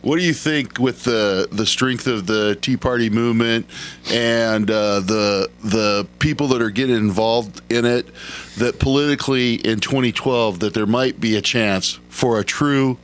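A man hosting a radio talk show, asking a question haltingly while searching for words. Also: mid-range voice. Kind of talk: casual radio chat.

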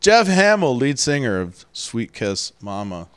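A man's voice: medium pitch, very animated, unhurried, very noisy. A man hosting a radio show, upbeat and laughing through casual banter.

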